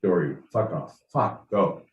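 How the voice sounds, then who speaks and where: A man's voice: deep voice, animated, measured pace, muffled recording, slight background noise. A man co-hosting a podcast livestream, exasperated and swearing as he mocks his partner. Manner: exasperated, cursing, mocking. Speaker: podcast co-host. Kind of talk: profane casual banter on a livestream. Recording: echoey room, far from mic.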